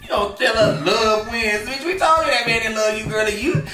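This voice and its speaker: Sassy high-voiced man dishing gossip. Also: normal speed, sharp tone. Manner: sassy, laughing, exclamatory. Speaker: gossip show host. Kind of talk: casual drama commentary. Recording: echoey room, distant from mic, faint music.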